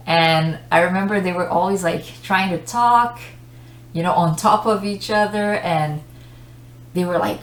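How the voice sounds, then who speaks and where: A woman teaching an English lesson in a chatty way, laughing often between explanations. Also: on the low side. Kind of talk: casual video lesson. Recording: echoey room.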